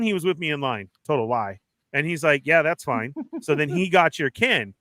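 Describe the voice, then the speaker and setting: A man hosting a casual chat about toy figures, telling animated stories and acting out what others said. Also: a little high, a little fast, dry recording, studio quality. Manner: animated storyteller, acts out quoted exchanges. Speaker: podcast host.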